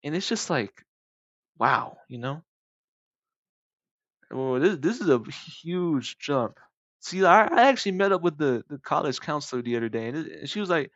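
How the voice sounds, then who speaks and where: A man's voice: a little high, animated, normal speed, pauses often, a bit bright, dry recording, dull audio. A young man in his late teens rambling casually over gameplay, joking and correcting himself as he goes. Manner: jokey, rambling, self-correcting asides. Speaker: gaming video maker.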